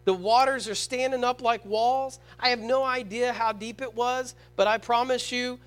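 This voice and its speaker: Male preacher, high voice; sermon delivery that jumps between loud stressed words and soft, slow scripture reading, with frequent rhetorical questions. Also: fairly even intonation. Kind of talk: sermon to a congregation.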